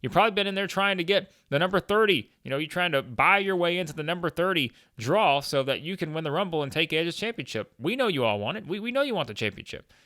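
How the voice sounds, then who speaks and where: A man voicing an agitated, hopped-up male pro wrestler who shouts accusations and stammers as he rushes. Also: a little high, lively intonation, voice pushed up. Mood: accusing, frantic.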